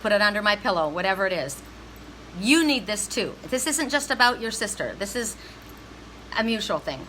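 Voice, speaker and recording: A woman's voice: mid-range voice, big pitch swings, normal speed, pushed and bright, poor audio. Woman, psychic reader, live stream, emphatic, faint background hiss. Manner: emphatic, heartfelt, talks straight to viewers. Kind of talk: live-stream spiritual reading.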